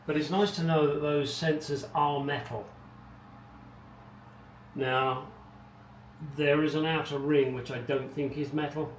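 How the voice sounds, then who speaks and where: A man's voice: a little high, fairly even intonation, unhurried, long pauses. Middle-aged man, rambling wry garage talk, distant mic, roomy echo, background noise. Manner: rambling, wry, muttering asides. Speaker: car restoration vlogger. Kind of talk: casual workshop narration. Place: home garage, indoors.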